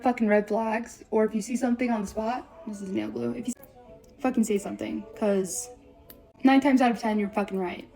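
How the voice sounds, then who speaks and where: With vocal fry and a warm tone in a mid-range voice, a young woman relates her breakup on a vlog. She swears constantly and speaks bluntly, rushing through run-on sentences.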